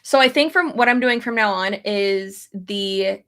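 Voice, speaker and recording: Gravelly-voiced woman rambling about her schedule. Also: medium pitch, unhurried, fairly bright tone. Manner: rambling, thinking aloud, swears casually. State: pregnant. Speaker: YouTuber. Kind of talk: casual chat reading stream comments.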